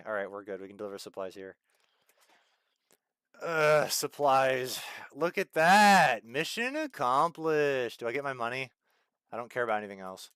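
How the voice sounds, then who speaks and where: A man with a hoarse voice chatting casually while streaming a game, ranting in exasperation and swinging between loud outbursts and low mutters into a desk mic. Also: no echo, clean studio sound. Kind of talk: casual gameplay stream chat.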